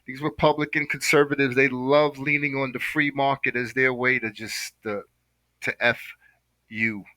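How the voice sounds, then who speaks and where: A man gives heated, preachy reaction commentary, dropping "man" into nearly every sentence. His voice is very bright and forceful, in a mid range, and the sound is close and completely dry. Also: mid-range voice, flat delivery, moderate pace, no echo, rough recording. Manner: impassioned, preachy, says "man" constantly. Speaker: reaction video host.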